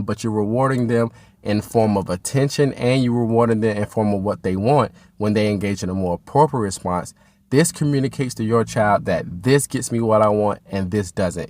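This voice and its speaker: Calm low-voiced man coaching parents. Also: dry recording. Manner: calm, instructive, addresses parents directly. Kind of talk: direct-to-camera parenting advice.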